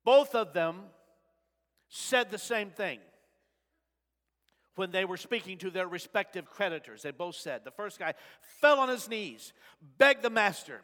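High-voiced, lively preacher man. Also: moderate pace. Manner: dramatic preaching, swings from shouts to soft asides. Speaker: pastor. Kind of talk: sermon. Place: church sanctuary. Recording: long reverb of a large sanctuary.

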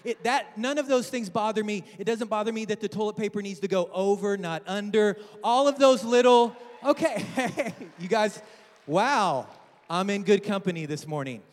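A man's voice: sits high, normal speed. A man in his thirties preaching a humorous sermon, telling family stories and joking with the congregation. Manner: storytelling, joking with the congregation, acting out family voices. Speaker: guest preacher. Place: large church with balcony. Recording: long hall reverb.

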